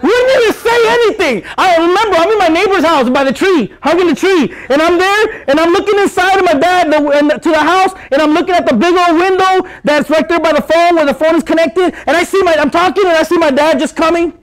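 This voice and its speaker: A man's voice: very high-pitched, fairly quick. A man preaching to a youth group, telling stories and acting out scenes with Spanish phrases. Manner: animated storyteller, acts out scenes, mixes in Spanish phrases. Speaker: youth pastor. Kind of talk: youth sermon with storytelling. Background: audience laughing and responding.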